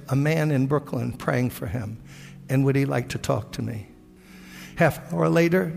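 An older male pastor preaching with earnest storytelling, acting out the prayers and conversations he recounts. His voice is gravelly and sits somewhat high for a man. It carries a long reverb from a large church hall. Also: darkish tone. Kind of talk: sermon.

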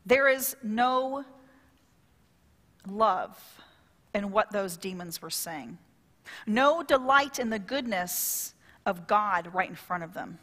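A woman pastor preaching a sermon in a lively, conversational way, drawing call-and-response from the congregation. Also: mid-range voice, slow pace, long pauses, long reverb tail.

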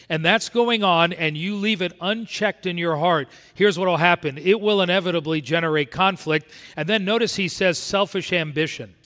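A pastor preaches with emphasis, his voice sitting a little high for a man. He drives home his points by repeating them. A long reverb trails after his words as if in a large church hall. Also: bright, forceful tone. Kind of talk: sermon.

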